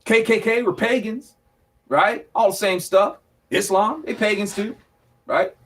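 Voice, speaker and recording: A man hosting a casual Bible study, teaching in a lively, jokey way and acting out the scenes he reads. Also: high voice, unhurried.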